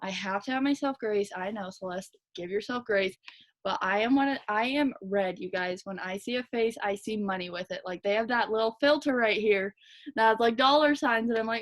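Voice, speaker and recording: A young woman team leader giving a fast, chatty, energetic motivational talk to her team. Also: mid-range voice. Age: young adult. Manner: fast, chatty, energetic, lots of "like" and "you guys". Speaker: direct sales team leader.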